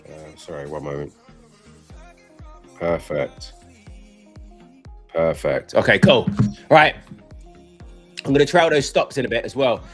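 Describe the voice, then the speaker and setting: A young man hosting a live trading stream, chatting and rambling casually, with excitable bursts of laughter. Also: deep voice, slow pace, long pauses, faint music behind.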